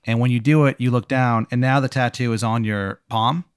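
A man narrating an improvised comic scene, rambling and deadpan with many fillers. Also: medium pitch, a little fast, clean tone, no echo, clean studio sound.

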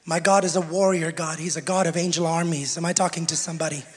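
Male pastor, high voice, preaching in a reverberant sanctuary, shouts and softens by turns, playful with the crowd. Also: little pitch movement, quick pace. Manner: swings from shouted preaching to quiet teaching; jokes with the congregation. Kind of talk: sermon. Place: church hall with congregation. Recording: long church hall reverb.

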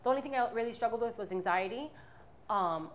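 A woman's voice: on the high side, lively intonation, fast, slight background noise. Candid young woman telling her testimony. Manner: candid, rambling, many fillers and restarts. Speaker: guest. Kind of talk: personal testimony in a podcast interview.

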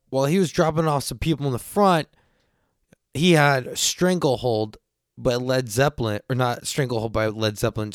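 Man, podcast host, casual rambling storyteller, lots of swearing, mid-pitched voice, dry close sound. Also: dry recording. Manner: profane, loose and rambling; animated when quoting others.

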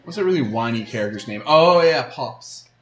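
A man's voice: medium pitch, expressive, moderate pace. A man running a tabletop role-playing game as game master, describing scenes with many fillers. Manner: descriptive, filler-heavy narration. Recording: roomy sound with faint music.

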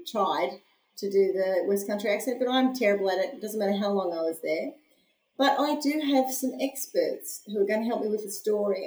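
A woman's voice: medium pitch, a little mellow. A woman hosting a podcast, chatty and laughing, rambling through asides, a little hungover. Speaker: podcast host and storyteller. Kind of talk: casual chat. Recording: echoey room.

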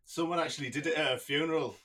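A man's voice: a little high, steady tone, racing, fairly bright tone. A man co-hosting a comedy podcast, crude and giggly in casual chat. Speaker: podcast co-host. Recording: slightly distant from mic.

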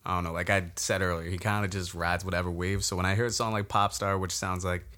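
A man's voice: low voice, level tone, quick pace, sharp tone. A man co-hosting a podcast, laid-back, talking things through with rhetorical questions. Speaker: podcast co-host. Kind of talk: casual chat.

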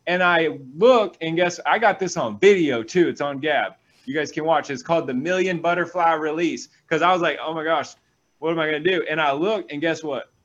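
A man, a pastor, reading scripture aloud and breaking off into energetic, animated stories with quick asides. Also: on the high side, lo-fi sound. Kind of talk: reading scripture and preaching in a talk show.

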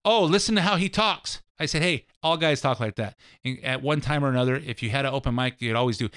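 A man's voice: mid-range voice, fairly bright tone, clear, resonant tone. A middle-aged man hosting a show, talking through an opinionated monologue in a blunt, ranting way that often repeats itself. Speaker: show host.

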